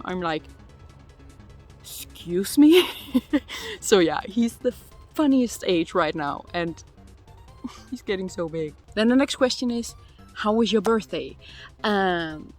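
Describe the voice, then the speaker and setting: Giggly chatty woman in her twenties. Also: mid-range voice. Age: 20s. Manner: chatty and giggly, full of "like" fillers. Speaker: vlogger answering viewer questions. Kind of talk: casual chat. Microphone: phone.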